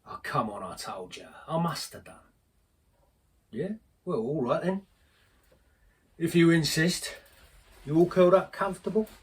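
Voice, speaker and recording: A man's voice: fairly high pitch, a little slow, pauses often, far from the mic, close to an everyday voice. An actor playing a middle-aged, bitter former henchman who rambles on in sardonic, confiding asides. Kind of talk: audio drama monologue.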